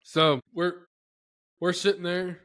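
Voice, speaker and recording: A man with a bright, forceful voice pitched a touch high tells a story on a podcast. He rambles in a loose, animated way, full of filler talk and asides, as if chatting with a friend. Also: takes it slowly. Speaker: podcast host. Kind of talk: casual storytelling chat.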